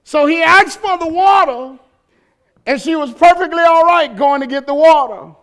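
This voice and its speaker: A pastor preaches a sermon in church, shouting animatedly, using humor and throwing call-and-response questions to the congregation. His voice is very high-pitched and his pace moderate.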